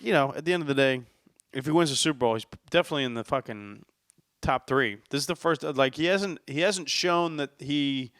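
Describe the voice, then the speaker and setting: A man's voice: medium pitch, a bit bright, smooth, no room sound. Male solo podcaster, profane and heated, resonant voice, dry close mic. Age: adult, says he is older now. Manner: profane, worked-up sports venting. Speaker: podcast host. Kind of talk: casual solo podcast rant.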